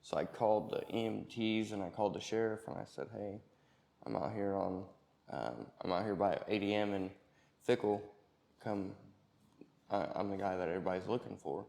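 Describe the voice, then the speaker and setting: A man with a gravelly, low-set voice recounts his own story in a plain, halting way, full of ums and restarts. He speaks, as a personal testimony. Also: a little mellow. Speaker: employee sharing personal story.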